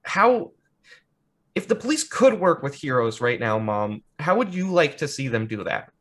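A man's voice: mid-range voice, big pitch swings. A man playing an earnest, careful college-bound youth. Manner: measured, hesitant, careful. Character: earnest young man about to leave for college.

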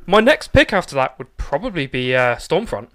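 A man bantering on a casual podcast, animated and jokey, often repeating himself. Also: fairly high pitch, normal speed, a crowd in the background. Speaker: podcast co-host.

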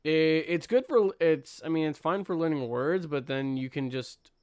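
Young male podcast host, relaxed and self-deprecating, clean tone, dry close mic. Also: a little high, moderate pace, clean tone, no echo. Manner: laid-back, self-mocking, lots of fillers. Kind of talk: casual podcast chat.

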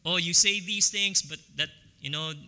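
A man preaching a sermon as pastor, slow and emphatic, repeating key phrases for stress. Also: sits high, bright, forceful tone, long reverb tail.

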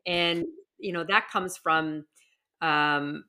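A woman's voice: low voice, steady tone, takes it slowly, sharp tone. A middle-aged woman, a podcast guest, speaking earnestly and reflectively about her life in an interview, with frequent restarts. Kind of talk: interview conversation.

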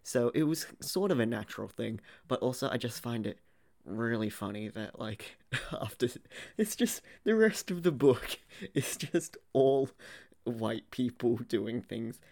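A young man with a gravelly, creaky voice, ranting playfully in casual chat. He laughs often and swears freely. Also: medium pitch, lively intonation, measured pace, darkish tone. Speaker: podcast co-host. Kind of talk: casual film-review chat.

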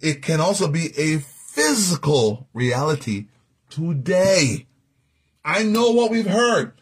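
A man teaching Scripture in a fairly high, husky voice. He talks emphatically, repeats his key phrases and keeps asking the listener questions. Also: expressive, fairly quick. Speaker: Bible teacher. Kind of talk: teaching sermon.

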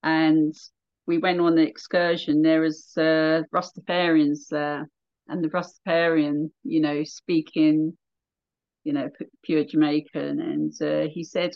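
A woman's voice: sits low, little pitch movement, unhurried, vocal fry, dull audio. A woman from England, a radio presenter, chatting in a casual interview and telling stories with easy laughs. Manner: laughs easily, chatty storytelling.

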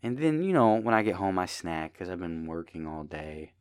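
Man, deep low voice, casual solo podcast, rambling jokey stories, tired. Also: sing-song, normal speed, smooth. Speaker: podcast host.

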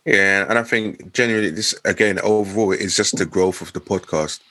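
A man's voice: low voice, a little fast, pushed and bright. A man co-hosting a podcast, rambling casually and searching for words as he talks. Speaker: podcast co-host. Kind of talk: casual chat.

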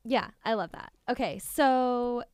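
A woman hosting a casual podcast conversation, chatty and quick to laugh. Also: on the high side, darkish tone, clear, resonant tone, no room sound.

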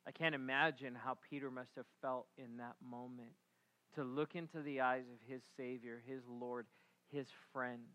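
A middle-aged pastor with a mid-range voice preaches a sermon, telling a story with animated delivery and acting out the voices. He then drops to a hushed, reflective tone.

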